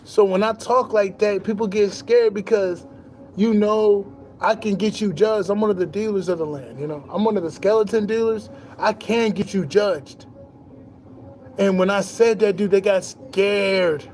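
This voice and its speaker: Young man, high voice, bragging street-talk monologue to camera, faint noise behind. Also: moderate pace. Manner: boastful, animated street slang, swears freely; laughs between lines. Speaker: spiritual vlogger.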